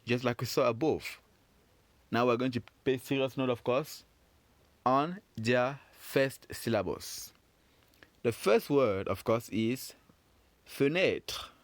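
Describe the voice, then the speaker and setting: In a French phonics lesson aimed at children, a man at medium pitch encourages learners and says words slowly and repeatedly. No room sound is audible.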